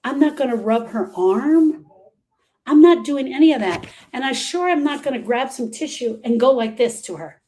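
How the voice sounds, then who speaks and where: A woman's voice: high voice, expressive, normal speed, dark tone. A woman grief specialist talking live to her viewers, giving emphatic, repetitive, direct advice.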